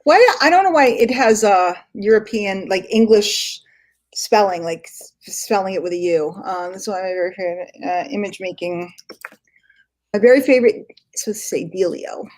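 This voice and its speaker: A woman's voice: medium pitch, normal speed. A woman hosting a casual live stream, chatty and giggly, talking as she works on screen. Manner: chatty, giggly, self-deprecating. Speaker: host. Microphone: computer mic, screen sharing.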